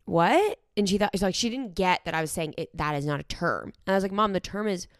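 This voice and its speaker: A woman's voice: fairly low pitch, quick pace, smooth, no echo, studio quality. A young adult woman co-hosting a podcast, telling stories in a chatty way, laughing often and acting out quotes. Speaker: podcast co-host. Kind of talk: casual chat.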